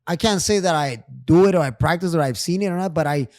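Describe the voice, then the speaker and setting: A man's voice: a little high, quick pace, darkish tone, no room sound, clean studio sound. A middle-aged man, a therapist talking as a podcast guest, speaking emphatically in street slang with frequent swearing and restarts. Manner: repeats himself, many restarts. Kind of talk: casual podcast conversation.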